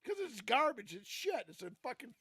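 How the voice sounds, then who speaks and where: A man's voice: very high-pitched, big pitch swings, moderate pace, bright, forceful tone. A man co-hosting a live podcast in casual chat, blunt and profane, given to ranting. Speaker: podcast co-host.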